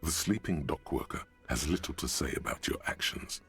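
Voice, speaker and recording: A man voicing a deep gravelly game narrator who talks slowly and measuredly to the player. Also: animated, fairly bright tone, soft background music, exaggerated voice. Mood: ominous. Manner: slow, measured, second-person narration.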